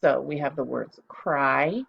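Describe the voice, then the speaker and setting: A middle-aged woman, a second grade teacher, giving a recorded phonics lesson, speaking slowly and clearly and spelling words out letter by letter. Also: rumbling low, dull audio.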